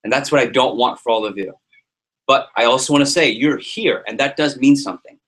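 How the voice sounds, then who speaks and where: A man giving a motivational talk to his sales team as their liaison, animated and joking, acting out little scenes. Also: mid-range voice, brisk.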